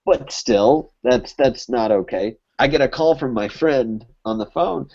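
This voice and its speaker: A man's voice: medium pitch, a little mellow. A young man from Connecticut telling a long story in a loose, rambling way, packed with "like" and swearing. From Connecticut, USA. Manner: rambling, fills every pause with "like", swears freely. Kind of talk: casual storytelling on a podcast. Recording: dull lo-fi podcast recording.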